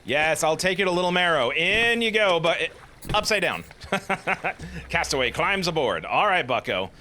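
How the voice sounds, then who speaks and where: Animated, jokey man commentating a game. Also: on the high side, measured pace, slight background noise. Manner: animated, jokey, self-deprecating. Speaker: let's play host. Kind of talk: casual gameplay commentary.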